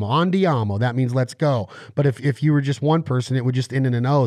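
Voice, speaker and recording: A man's voice: medium pitch, darkish tone, no room sound. A man hosting a podcast interview, explaining eagerly with analogies and acted-out quotes. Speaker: podcast host.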